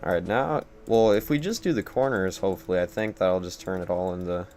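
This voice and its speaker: A man's voice: sits low, fairly quick, a little mellow. A young man live-streaming a game at his computer, rambling and joking at his own expense. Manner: rambling, joking and self-deprecating. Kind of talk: casual gameplay live-stream commentary.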